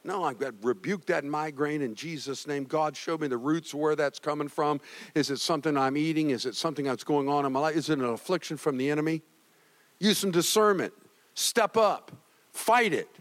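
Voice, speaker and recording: A male pastor preaching a sermon, moving between loud exhortation and quiet, heavy passages. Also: on the high side, fairly quick, in a large hall. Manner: swings from loud exhortation to hushed grief.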